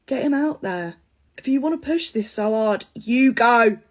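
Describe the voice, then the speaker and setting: A woman's voice: on the high side, lively intonation, measured pace. Sarcastic young woman ranting. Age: young adult. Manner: sarcastic, dramatic. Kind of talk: comic social media monologue.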